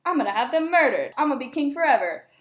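A woman's voice: sits high, sing-song, fast, pitched above the performer's own voice. A woman voicing a young male king in breezy modern slang, giddy and then paranoid, in an echoey room.

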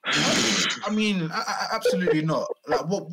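A man's voice: high-pitched, moderate pace, bright, forceful tone, a little hiss or hum. A man, co-hosting a casual sports chat, explaining earnestly with restarts. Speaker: podcast co-host.

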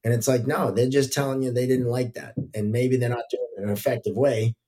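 A middle-aged man chats as a podcast guest, telling long referee stories in an easygoing, rambling way. His voice sits at an ordinary middle pitch, and he pads his thoughts with plenty of casual fillers. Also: a little fast. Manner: relaxed, anecdotal, frequent fillers.

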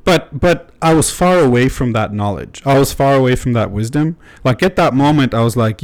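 A man's voice: mid-range voice, expressive, moderate pace, few pauses. Candid rambling young man on a podcast. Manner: candid, rambling, with frequent fillers and swearing. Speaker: podcast host. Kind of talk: casual podcast chat.

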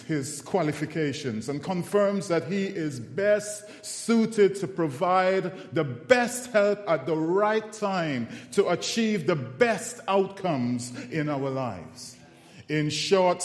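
A man preaching a sermon, telling funny personal stories in an animated, self-mocking way before reciting scripture. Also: high-pitched. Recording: echoey hall with long reverb.

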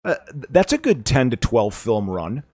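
A man's voice: medium pitch, big pitch swings, moderate pace, darkish tone, no echo. A man co-hosting a casual movie commentary podcast, rambling and laughing often. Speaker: podcast co-host.

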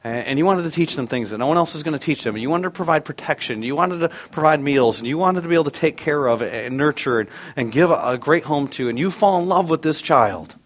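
A pastor in his thirties preaches an earnest sermon, telling family stories with humor and building to loud, emphatic peaks. His fairly high voice is expressive and fast, with hardly any pauses.

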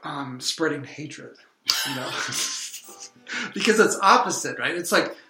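A man co-hosting an improvised comedy podcast, rambling in a deadpan tone with hesitant ums. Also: fairly high pitch, unhurried, reverberant, soft background music.

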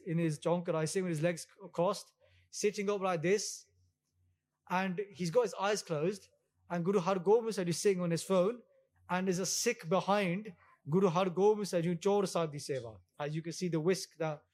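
High-voiced man telling a sermon story. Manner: relaxed storytelling, acts out voices in quotes, mixes in Punjabi words. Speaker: religious teacher giving katha.

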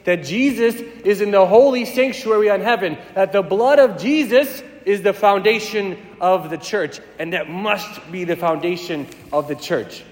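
A man preaching a sermon as a priest, fast-talking and emphatic, building to intense passages. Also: high voice. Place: large church hall. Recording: echoey church hall with long reverb.

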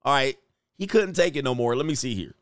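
A man's voice: mid-range voice, animated, fairly quick, a little hiss or hum. A man hosting a casual reaction show, joking in slang and often laughing as he comments on clips. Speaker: commentary host.

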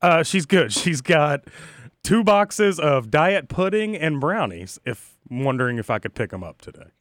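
Young radio producer dude, lively voice, dry close mic, laughs a lot. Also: male voice, fairly high pitch, unhurried, dry recording. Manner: easygoing, laughs often. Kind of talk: casual radio chat.

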